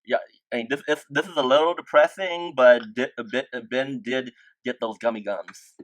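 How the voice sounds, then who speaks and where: A man's voice: medium pitch, normal speed, dry recording. A man hosting a podcast in casual chat. He is laid-back and often hesitates or restarts his sentences. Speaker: podcast host.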